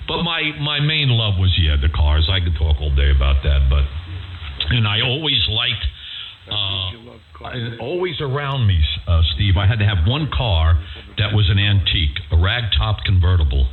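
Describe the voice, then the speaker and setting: A man's voice: lowish voice, sing-song, moderate pace. An older man chatting casually over ham radio, a folksy storyteller who acts out the people in his tales. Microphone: radio transceiver microphone. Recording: over-the-air ham radio audio, narrow with faint hiss.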